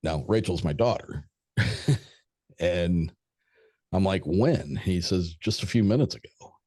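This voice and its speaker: A man's voice: low voice, slow, warm tone, dry recording, clean studio sound. A middle-aged man, a podcast guest, telling a long story in a rambling, hesitant way with some swearing. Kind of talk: casual storytelling.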